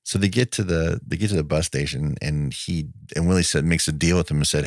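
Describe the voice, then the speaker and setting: A man's voice: extremely low pitch, fairly quick, vocal fry, few pauses, no room sound, studio quality. A man co-hosting a casual movie-recap chat, retelling scenes with laughs and putting on the characters' lines. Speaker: podcast co-host.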